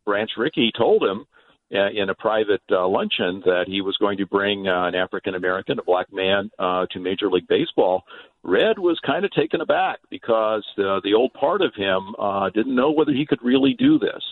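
Male phone-in guest, lower voice, hesitant, lots of filler, tinny line. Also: big pitch swings, moderate pace, vocal fry, no echo. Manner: hesitant, many filler sounds. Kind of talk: interview answers.

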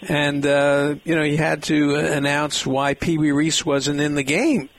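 Gravelly-voiced male radio host. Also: on the high side, fairly even intonation, measured pace, dry recording. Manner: chatty storyteller. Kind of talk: casual radio interview.

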